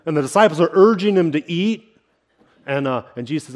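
A middle-aged senior pastor's sermon is conversational, sprinkled with "right?" check-ins and building to emphatic points. His male voice sits fairly high, slightly mellow and a little fast, with lively intonation.

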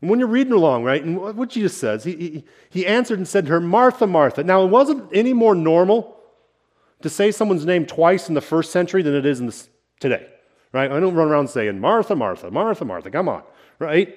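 This middle-aged senior pastor has a high-pitched, darkish male voice, animated and a little fast. He preaches conversationally, regularly checking in with "right?" and driving toward emphatic points.

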